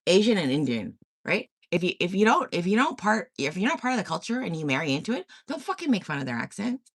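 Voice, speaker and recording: A woman's voice: on the low side, very animated, quick pace, dry recording, studio quality. A woman from Korea hosting a casual livestream, reading comments and giving blunt, profane opinions. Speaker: livestream host.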